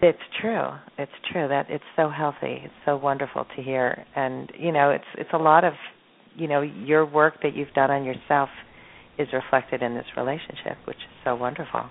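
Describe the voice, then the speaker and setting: A woman host giving warm, affirming reflections to her guest. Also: a bass voice, fairly even intonation, moderate pace, gravelly. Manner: warmly affirming. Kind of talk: supportive interview talk. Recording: tinny phone line.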